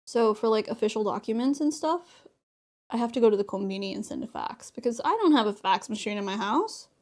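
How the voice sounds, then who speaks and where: Young woman, fairly high voice, casual crafting-stream chat, chatty, acts out dialogue in her stories. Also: a little fast, a little mellow. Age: young adult. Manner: chatty, laughs often, acts out dialogue in storytelling.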